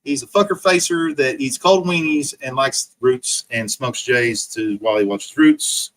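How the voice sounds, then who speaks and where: A man's voice: mid-range voice, lively intonation, takes it slowly, fairly bright tone, rough recording. A man ranting profanely on his livestream, mocking rivals over and over and answering chat comments. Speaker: livestream host.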